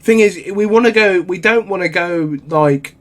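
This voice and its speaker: A man's voice: high voice, normal speed, fairly bright tone. A young man with an easygoing, agreeable manner, chatting casually about football over a video call. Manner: easygoing, agreeable, laughs often. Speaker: football podcast co-host.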